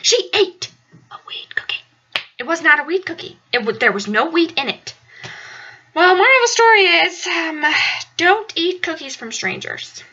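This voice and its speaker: A young woman chatting through a story with a very high, bright voice that jumps up and down a lot. She rambles and hammers points home by repeating them. The recording sounds dull and lo-fi. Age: young adult. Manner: chatty, rambling, emphatic repetition. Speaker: vlogger. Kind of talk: casual storytelling.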